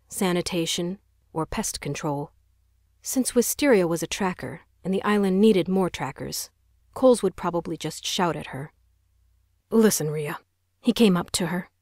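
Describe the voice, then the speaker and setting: A woman's voice: on the low side, darkish tone, dry recording, clean studio sound. A woman narrating a young adult audiobook in a tense, dramatic storytelling manner. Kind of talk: scripted narration.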